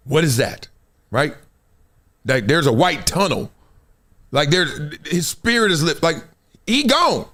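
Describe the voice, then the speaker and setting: A man hosting a live stream, talking in an animated, emphatic storytelling way. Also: a little high, slow pace, long pauses. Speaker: show host.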